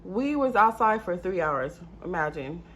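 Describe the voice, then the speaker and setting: A young woman telling a casual storytime to her viewers, animated and talking straight to them as y'all. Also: fairly low pitch, unhurried, slight background noise. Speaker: vlogger.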